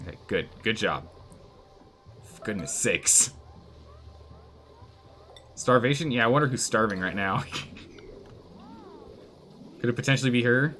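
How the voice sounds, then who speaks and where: Animated man streaming gameplay. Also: mid-range voice, a little slow, pauses often, a little hiss or hum. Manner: animated, exclaims and pleads with game characters. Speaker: streamer playing a colony game. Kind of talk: live gameplay commentary.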